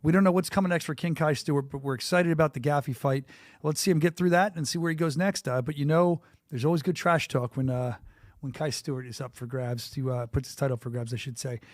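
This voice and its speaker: A man hosting a sports podcast in a studio, talking quickly and enthusiastically with many restarts. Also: on the high side, steady tone, dry recording. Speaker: podcast host. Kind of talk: casual podcast chat.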